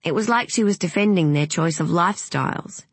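Audiobook narrator, breathy husky tone, mid pitch, dry studio sound. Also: a little fast, no room sound. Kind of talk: scripted novel narration.

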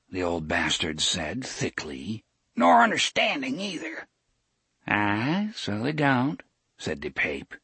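A man narrating a story in an expressive storytelling manner. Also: low voice, slightly rough, no echo. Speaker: audiobook narrator. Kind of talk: scripted narration.

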